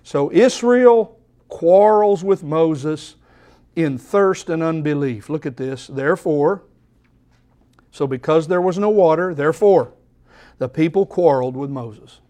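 High-voiced preaching man. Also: a little slow. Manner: expressive preaching, dropping to soft repeated phrases; restarts and stammers mid-thought. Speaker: pastor. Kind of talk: sermon.

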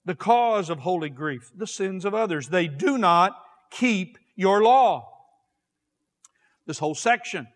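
A man preaching a sermon, swinging from quiet, slow passages to raised, shouted ones. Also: high-pitched, animated. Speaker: pastor. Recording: long hall reverb.

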